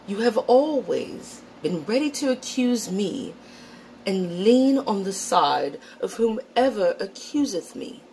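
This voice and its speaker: A woman's voice: medium pitch, big pitch swings, slow, a little mellow, slight background noise, voice pushed up, rough recording. A woman putting on a pompous, self-righteous man who preaches in archaic old English, recited in a theatrical mock-Shakespearean manner. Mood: aggrieved.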